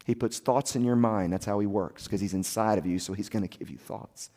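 A soft-spoken man preaching a sermon as a pastor, telling his story in an earnest, confessional way. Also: lowish voice, a little fast. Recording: long hall reverb.

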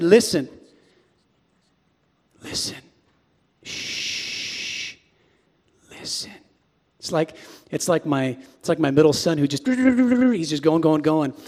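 A man in his forties preaching a sermon as a pastor, swinging between hushed asides and sudden shouts. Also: on the high side, expressive, moderate pace. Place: large church sanctuary. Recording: long reverb of a big hall.

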